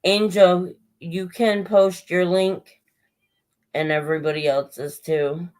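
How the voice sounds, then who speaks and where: A woman's voice: on the low side, steady tone, slow pace, a little mellow, low-quality recording. A woman chatting casually on a livestream, rambling and swearing a little as she greets viewers by name, her voice strained and short of breath.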